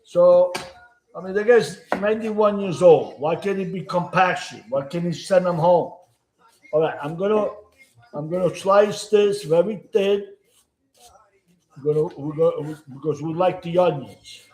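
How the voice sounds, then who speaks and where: A man's voice: high-pitched, measured pace, a little mellow, reverberant. A man with an Italian accent, chatting casually and rambling in broken English while he cooks at home. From Italy. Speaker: home cooking show host. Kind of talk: casual cooking chat to camera.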